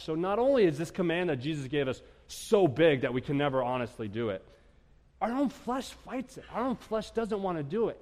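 A man preaching a Sunday sermon in a church, his fairly high voice ringing out with a long reverb tail. He drives his points home emphatically, then drops to hushed, intimate lines before building up again. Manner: emphatic preaching, swinging between loud declarations and hushed lines. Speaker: pastor. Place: church sanctuary.

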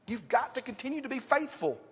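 A man preaching a sermon to a congregation in church, reading scripture and telling stories in an animated way. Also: very high-pitched, a little fast, slightly rough. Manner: animated storytelling with scripture quotes. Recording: reverberant hall.

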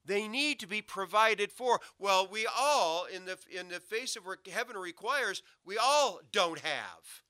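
Guy preaching, goes loud then drops real low, bright voice, dry close mic. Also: animated, measured pace, few pauses, dry recording. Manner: swings from loud emphatic to low quiet asides. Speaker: pastor. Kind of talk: sermon.

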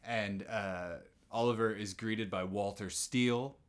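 A man co-hosting a podcast, casually walking through a TV episode's plot in a relaxed storytelling way. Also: fairly low pitch, a little slow, clean tone. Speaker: podcast co-host. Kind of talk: casual TV episode recap chat.

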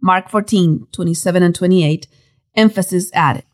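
A woman giving a devotional Bible teaching in a dramatic, expressive way, full of rhetorical questions. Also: lowish voice, normal speed.

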